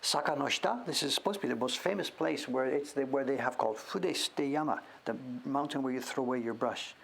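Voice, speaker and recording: A man hosting a casual show-and-tell, thinking aloud as he sounds out names, sometimes dropping to a whisper and breaking into excited praise. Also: mid-range voice, brisk, gravelly, slight background noise. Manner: drops to whispers now and then. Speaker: host.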